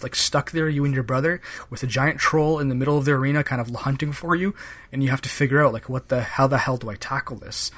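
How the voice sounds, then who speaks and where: A man's voice: medium pitch, a bit bright. A man hosting a podcast, chatting casually about a game, his talk loose and full of fillers. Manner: rambling, full of "kind of" and "like" fillers. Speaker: podcast host. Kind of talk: casual chat.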